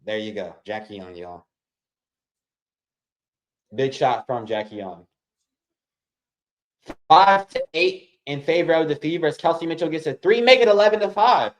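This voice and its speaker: Though excitable and quick to address his viewers as "y'all," this casual watch-along host speaks at a measured pace with long pauses. His voice is mid-range as he calls basketball play-by-play directly to his audience.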